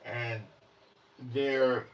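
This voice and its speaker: A man's voice: mid-range voice, flat delivery, extremely slow, slight background noise. Blunt, emphatic man preaching at a distance. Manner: blunt and emphatic, often checks in with "okay?". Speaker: religious commentary host. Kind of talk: unscripted religious monologue.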